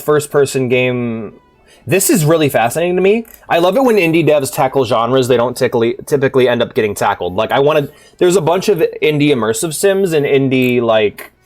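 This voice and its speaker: A young man giving casual, excitable gameplay commentary, swearing freely and laughing often. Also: fairly high pitch. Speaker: streamer.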